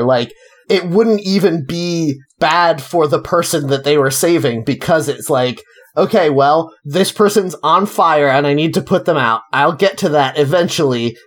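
A woman co-hosting a podcast, talking casually and rambling with lots of fillers. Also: low-pitched. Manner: chatty, rambling, playfully bossy. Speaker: podcast co-host. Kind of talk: casual chat.

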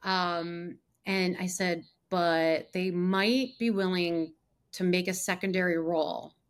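A woman chats casually on a podcast, hopping from story to story. She leans on fillers and slips into quick impressions of other people as she talks. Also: fairly low pitch, fairly even intonation. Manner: chatty storyteller, many fillers and acted quotes. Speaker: guest, actor and casting director.

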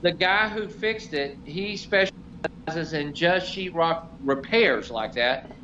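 With a high-leaning voice, lively intonation, and a slow pace, a middle-aged man tells a self-mocking story in casual chat. He's a show regular who rambles with many fillers, and the audio is a bit dull with faint noise.

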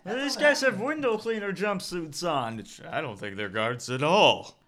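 A man narrating as game master, improvising scenes in a lively, quick way. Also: high-pitched.

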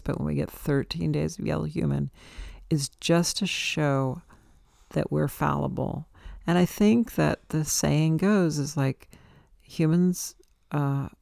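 A woman's voice: sits low, vocal fry, darkish tone, no echo, studio quality. A tired woman podcast host in a rambling, reflective spiritual monologue, breaking into exasperated quoted outbursts.

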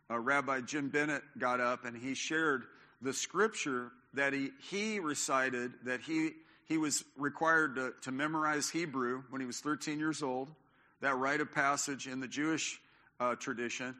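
A man's voice: mid-range voice, normal speed, bright, forceful tone. An older man preaching a sermon as pastor, talking in a conversational way with many fillers and restarts. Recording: long hall reverb.

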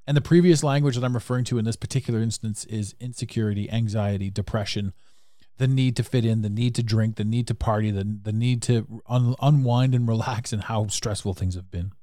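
A man's voice: fairly low pitch, a little fast, mellow, no echo, clean studio sound. A man hosting a podcast, giving a frank, earnest motivational monologue and swearing casually. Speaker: podcast host.

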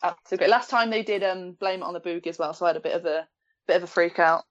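A woman's voice: lowish voice, very fast. A young woman, chatting and laughing easily as guest host on a podcast. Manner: giggly, chatty. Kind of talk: casual chat. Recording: dull lo-fi audio.

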